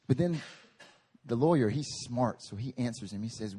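A man preaching a sermon at a prayer meeting, animated and conversational, with humorous tangents. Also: mid-range voice, moderate pace, breathy edge. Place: meeting hall.

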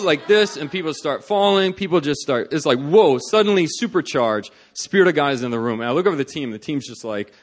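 Animated man telling a revival story. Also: on the high side, a little fast. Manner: animated storytelling, laughing, voice swinging from hushed to loud. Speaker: preacher. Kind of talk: sermon testimony story.

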